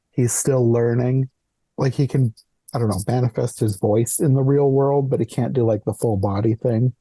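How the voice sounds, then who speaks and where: Mellow-voiced man recapping a film. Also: mid-range voice, no echo. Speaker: podcast host. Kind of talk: casual movie recap.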